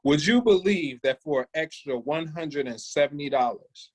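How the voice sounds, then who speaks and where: Energetic man coaching a sales team. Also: fairly high pitch, moderate pace, poor audio. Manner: energetic coaching, addresses listeners by name. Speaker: sales team leader and trainer. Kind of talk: sales training talk.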